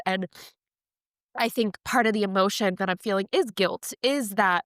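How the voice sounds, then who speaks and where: Earnest podcast host lady, mid-pitch voice, blunt and heartfelt, dry close sound. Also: measured pace, a bit bright, no room sound. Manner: earnest and emotional, blunt wording. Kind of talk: casual podcast chat.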